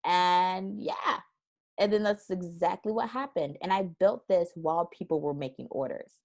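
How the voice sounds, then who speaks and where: A woman's voice: fairly low pitch, normal speed, gravelly. A woman guest on an interview show, telling stories in casual chat, acting out what people said and laughing often. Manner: animated storyteller who acts out quoted voices; laughs often while talking. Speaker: guest, transformation strategist.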